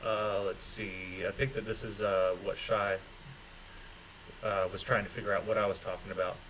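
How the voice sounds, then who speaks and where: A man's voice: fairly low pitch, level tone, normal speed, a bit bright, a little hiss or hum, low-quality recording. A man hosting a casual livestream chat, rambling and swearing, mocking people's excuses with sarcasm and reading viewer comments aloud. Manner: profane, sarcastic, mocking voices of others. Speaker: livestream host.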